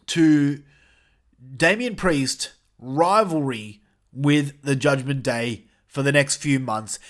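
A young man hosting a casual wrestling review podcast, animated and swearing, with jokey asides. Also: fairly high pitch.

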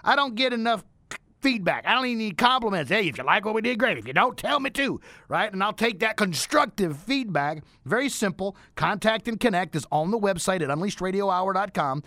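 A man hosting a radio show, wrapping up with energetic, motivational promotion. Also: high voice, a little fast, no echo, clean studio sound. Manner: energetic, preachy motivational delivery.

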